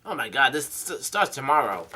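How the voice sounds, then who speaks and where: Bright-voiced man recapping a comic. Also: medium pitch, very animated, slightly rough. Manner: halting, stumbling over names, adding asides. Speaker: manga reader and channel host. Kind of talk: casual comic chapter read-through.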